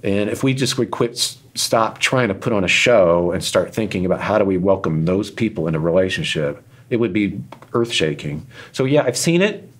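Guesting on an interview, a man who is an author and radio host rambles through candid personal stories, earnest and self-deprecating. Emotion breaks through at times, leaving him choked up in places. His voice is low with lively intonation, at a normal speed with hardly any pauses.

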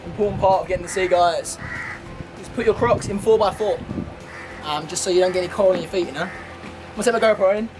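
Young english guy vlogging, jokey and chatty, bit high voice, music under it. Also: fast talker, pauses often. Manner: chatty, joking, talks to camera. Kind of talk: casual travel vlog.

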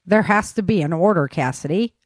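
A woman reading the part of a stern, pragmatic man who speaks coldly and flatly in an audiobook. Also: fairly low pitch, a little fast, dry recording, lightly acted. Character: stern pragmatic male official.

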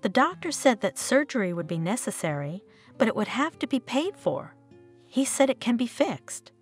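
Husky woman narrating a story. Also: fairly high pitch, sing-song, normal speed, faint music behind.

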